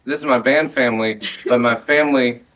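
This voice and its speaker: A man in his thirties speaks to his marching band at season's end in an earnest, rambling way, often laughing and restarting his sentences. His pitch sits in an ordinary middle range. The audio is dull and lo-fi. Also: steady tone, fairly quick, a bit bright. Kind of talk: heartfelt end-of-season speech to students.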